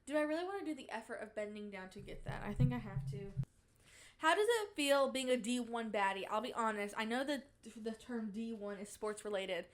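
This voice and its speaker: A woman's voice: on the high side, lively intonation, fairly quick, a little hiss or hum. Giggly young woman hosting a podcast. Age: young adult. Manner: playful, giggly, mock-dramatic bragging. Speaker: podcast host. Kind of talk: casual chat.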